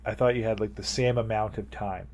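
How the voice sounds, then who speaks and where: Male podcast co-host, casual rambling chat, low voice. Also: fairly even intonation, brisk, darkish tone. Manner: rambling, laughs often, retells scenes animatedly.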